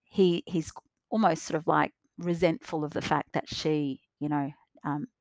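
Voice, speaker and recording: A woman's voice: low-pitched, steady tone, a little slow, vocal fry, darkish tone, dry recording. A woman guest on a podcast, speaking casually and hesitantly, with many fillers and restarts. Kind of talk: casual discussion.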